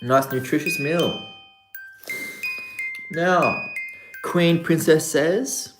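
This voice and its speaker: An upbeat livestream host with an Australian accent, from Australia, chatting casually and greeting viewers by name with playful shout-outs. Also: medium pitch, drawn-out words. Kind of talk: casual live-stream chat. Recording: roomy room with music playing. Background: background music.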